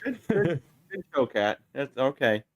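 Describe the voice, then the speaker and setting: A man's voice: medium pitch, very animated, a little slow, slight background noise. A man hosting a casual podcast, teasing his guest and reading out chat comments. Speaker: podcast host.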